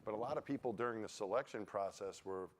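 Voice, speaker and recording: A man on a conference panel telling casual, animated stories and acting out what others said to him. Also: fairly low pitch, fast talker, slight background noise. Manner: animated anecdotes, acts out quoted voices. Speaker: panel speaker, former astronaut. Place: conference stage.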